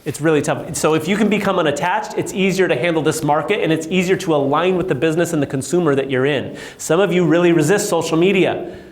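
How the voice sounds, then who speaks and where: A man coaching real estate agents, telling stories with animated quoted voices. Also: fairly high pitch, quick pace, roomy sound. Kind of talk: motivational talk to agents.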